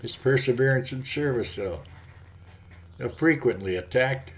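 Slow, dramatic male preacher. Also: mid-range voice, expressive. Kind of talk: sermon. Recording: dull lo-fi audio.

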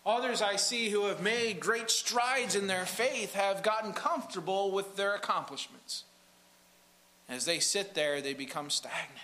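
A man's voice: high-pitched, pushed and bright, reverberant, rough recording. A man preaching a sermon as pastor of a church, with an emphatic delivery that rises and falls.

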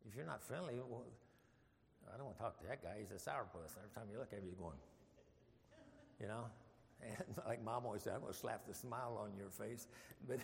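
An older man with a lowish voice teaches a Bible study in a folksy, wandering way. His words ring out with a long hall reverb behind them. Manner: folksy, rambling, chuckles often. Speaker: preacher.

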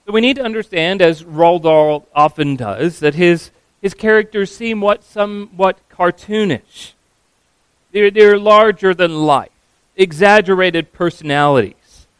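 A man preaching a sermon as a pastor, earnest and emphatic, slowing down on key phrases. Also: high voice, clear, resonant tone, no echo, rough recording.

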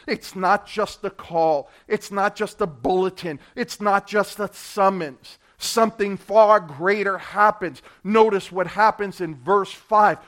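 A male pastor preaching a sermon, acting out the people he quotes and swinging between loud and quiet. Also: high voice. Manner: dramatic, acts out quoted voices with big swings in loudness.

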